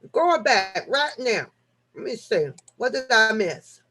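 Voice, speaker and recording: A woman with a somewhat high voice hosts a casual live-stream chat. She reads news articles aloud and jokes with her viewers. Her delivery swings from low mutters to loud, laughing outbursts. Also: sing-song, measured pace, noisy background.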